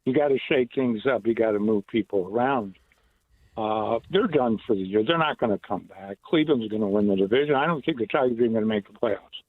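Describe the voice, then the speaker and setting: A man's voice: on the low side, brisk, no echo. A man calling in to a sports radio show, blunt and certain in his opinions. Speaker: caller. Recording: tinny phone line.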